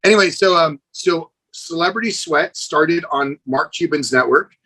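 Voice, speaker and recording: A man's voice: a little high, moderate pace, low-quality recording. A middle-aged man, a fitness trainer, talking as a guest in a casual podcast interview, telling stories with enthusiasm and calling the host "dude". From United States. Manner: enthusiastic, animated storyteller, says "dude".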